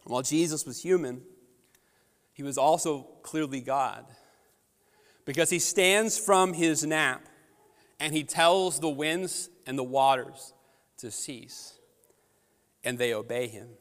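A man preaches a sermon on a microphone, slipping from easy storytelling into strong, emphatic rises. His voice sits a bit high for a man. The sound carries a long reverb from a large church hall. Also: slow pace, long pauses. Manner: storytelling, conversational with rising emphatic peaks. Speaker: pastor. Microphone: handheld or headset microphone.

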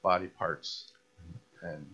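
A man chatting offhand on a podcast panel, with a gravelly manner. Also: low-pitched, fairly even intonation, slow, bright, forceful tone. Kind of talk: casual chat.

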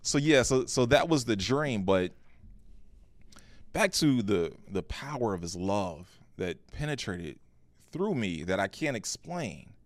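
A man, a pastor co-hosting a podcast, telling a personal story in an earnest, animated way with frequent restarts. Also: fairly low pitch, unhurried, dry recording. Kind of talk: casual podcast conversation.

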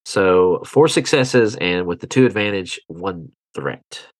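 A man's voice: deep voice, animated, slow, no room sound. A man acting as game master of a tabletop game, laughing often and making rules calls.

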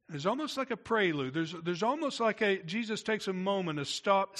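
A man's voice: a little high, a bit bright. A middle-aged man, a pastor, preaching a sermon in a conversational way with asides to the congregation.

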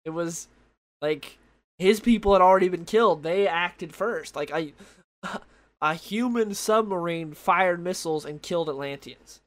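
A man's voice: sits high, a little slow. A young man in casual chat about a comic book, rambling with lots of fillers and restarts.

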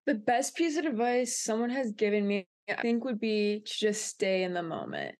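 Young female co-host, earnest and reflective, mid-pitched voice, casual podcast delivery. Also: moderate pace. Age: young adult. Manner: earnest, reflective, animated when recounting.

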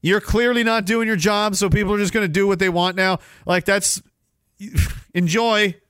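A man's voice: high voice, fairly even intonation, moderate pace, fairly bright tone, clean tone, dry recording, clean studio sound. A man hosting a podcast, delivering rambling political commentary in a sarcastic, profane way. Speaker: podcast host. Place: Canada.

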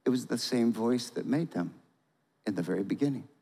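A male pastor giving a sermon, reading a storybook aloud in a dramatic, animated way and asking listeners to respond. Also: mid-range voice, fairly quick. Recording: long hall reverb.

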